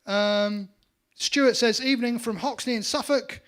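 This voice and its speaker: A man's voice: extremely high pitch, a little slow, a bit bright. A man in a band reading viewer comments aloud and chatting casually in a small indoor room. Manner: easygoing, reads comments aloud. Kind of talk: casual chat.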